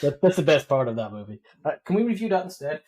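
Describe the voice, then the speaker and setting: A man's voice: fairly high pitch, very animated, fast, dark tone. A man co-hosting a podcast, chatting casually about a film with dry, wry remarks. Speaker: podcast co-host. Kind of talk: casual movie review chat.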